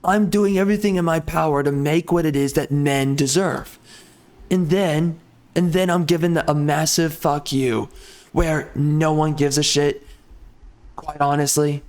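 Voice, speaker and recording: A man's voice: a little high, steady tone, unhurried, darkish tone. A young man with a profane, heated, repetitive way of talking, delivering an angry rant to the camera. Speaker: gaming YouTuber.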